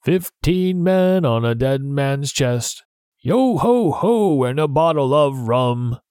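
A man doing a high trembling ghost voice. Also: expressive, takes it slowly, no echo, studio quality, heavily acted. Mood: eerie. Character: eerie ghostly male voice singing from afar.

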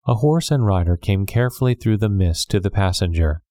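A man reading a classic novel aloud as scripted storybook narration, measured and clear. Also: fairly low pitch, lively intonation, dark tone, dry recording, studio quality. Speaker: audiobook narrator.

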